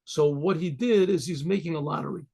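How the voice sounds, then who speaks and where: An older man, a rabbi, telling a story in a loose, rambling way, with asides, restarts and throat clearing. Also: a little high, fairly quick, a little mellow. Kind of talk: casual spoken storytelling.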